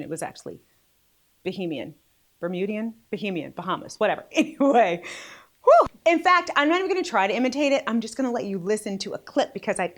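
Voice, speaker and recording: A woman in her forties hosting a casual faith vlog, chatty and quick to laugh at herself. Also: mid-range voice. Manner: chatty, laughing, self-deprecating. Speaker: vlog host.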